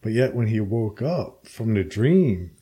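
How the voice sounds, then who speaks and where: A man hosting an interview podcast, speaking in a relaxed, reflective way and answering his guest with short murmurs. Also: lowish voice, a little slow, breathy edge. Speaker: podcast host. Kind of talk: casual interview chat.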